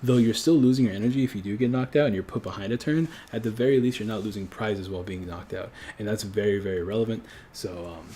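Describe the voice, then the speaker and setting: A streamer from a French-speaking country talks quickly with few pauses, his lowish voice dark in tone, over a little hiss or hum. His livestream chat is casual and rambling, peppered with chuckles and self-corrections.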